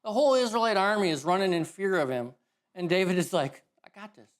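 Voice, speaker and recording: A man preaching a sermon in a casual, animated storytelling way, correcting himself as he goes. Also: sits high, fast talker. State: emotional.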